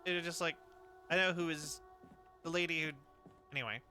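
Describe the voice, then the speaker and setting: A man's voice: a little high, fairly quick, sharp tone, soft background music. A young man streaming a game, talking in a rambling, chatty way and laughing between thoughts. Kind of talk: casual game commentary.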